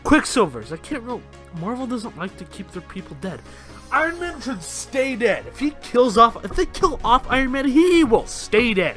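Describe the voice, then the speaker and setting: A young man rants through his casual vlog in a high, bright voice, swearing freely. His energy is animated, and soft music plays faintly underneath. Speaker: host.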